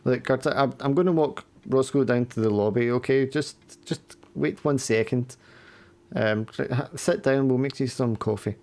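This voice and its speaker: A game master voicing Emil, a nervous young woman roommate who stammers while trying to calm her friend. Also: medium pitch, normal speed, voice pushed up, natural voice. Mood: flustered. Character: flustered young woman roommate, anxious and placating. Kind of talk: tabletop role-play in character.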